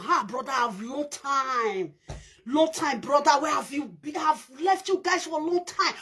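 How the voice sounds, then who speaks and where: A young Nigerian woman rattles off lively gossip in a high, bright voice. She laughs often, bursts into shouts and puts on other people's voices as she tells the story. Her delivery is loose and excitable from start to finish. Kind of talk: animated gossip monologue in Pidgin.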